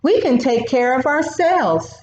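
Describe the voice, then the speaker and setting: A woman's voice: high voice, animated, unhurried, a little mellow, a little hiss or hum, voice pushed up. A woman voicing a big, blunt male water buffalo who speaks in a commanding way, in a storybook reading. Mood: firm. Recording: roomy, dull recording.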